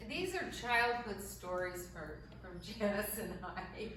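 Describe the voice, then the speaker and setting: A woman telling a childhood story in casual chat, laughing often and animated as she talks. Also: mid-range voice, takes it slowly, very echoey, recorded from a distance, slight background noise, rough recording.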